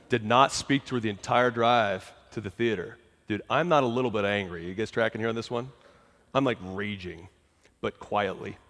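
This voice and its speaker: A middle-aged man giving a motivational talk, telling a personal story to a live audience in a conversational, animated way and often asking the crowd questions. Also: mid-range voice. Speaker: motivational speaker. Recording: long hall reverb.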